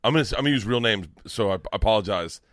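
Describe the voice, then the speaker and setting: A middle-aged man telling a long story in casual chat, animated, swearing and laughing as he goes. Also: on the low side, rapid-fire, no room sound, clean studio sound. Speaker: comedian podcast guest.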